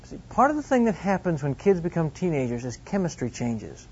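A man's voice: fairly high pitch, very animated, a little fast, darkish tone, slight background noise. A middle-aged man giving an earnest, plain-spoken Christian teaching talk full of family stories. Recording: dull lo-fi recording.

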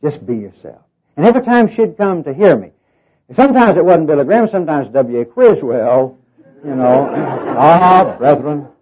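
A man's voice: fairly high pitch, expressive, normal speed, slightly rough. A middle-aged man with a Southern US accent and a nasal tone, preaching a sermon in a folksy storytelling way full of fillers and self-deprecating humor. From Oklahoma, raised in Arkansas. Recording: dull lo-fi sermon tape.

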